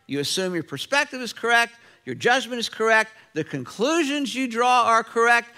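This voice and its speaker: A middle-aged man preaching a sermon as pastor in a church, lively and often acting out the voices of people in the stories he tells. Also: high voice. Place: church sanctuary.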